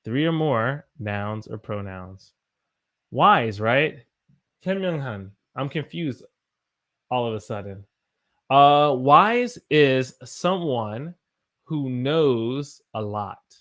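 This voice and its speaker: An American man teaching English on a live stream, with a lively voice that swings up and down in pitch. He reads out viewer comments and jokes around between explanations. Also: very slow. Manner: lively, animated delivery, reads chat messages aloud and jokes with viewers. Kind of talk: live-streamed English lesson, reading chat aloud.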